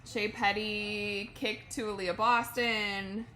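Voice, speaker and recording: A woman's voice: medium pitch, flat delivery, slow, pushed and bright, reverberant. A young woman hosting a live watch party, chatting casually, calling the game and reading viewer comments aloud with frequent laughs.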